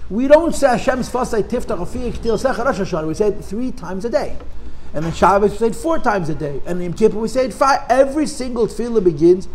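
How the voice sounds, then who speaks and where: High-voiced man teaching an emphatic Torah class. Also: lively intonation, fast talker, darkish tone, a little hiss or hum. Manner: emphatic, rhetorical questions, repeats words when rephrasing. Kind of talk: conversational Torah class lecture.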